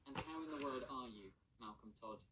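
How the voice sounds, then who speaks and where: A man's voice: medium pitch, fairly quick, natural voice. A text-to-speech man voicing a curt, irritated young wizard. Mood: annoyed. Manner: curt, exasperated. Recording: device speaker heard from far off, noisy.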